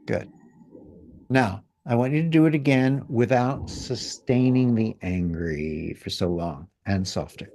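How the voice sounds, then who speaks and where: A man guiding someone through a feeling exercise in a calm, gently directive coaching way. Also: mid-range voice, unhurried. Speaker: guest healer leading an exercise. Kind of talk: guided exercise in conversation.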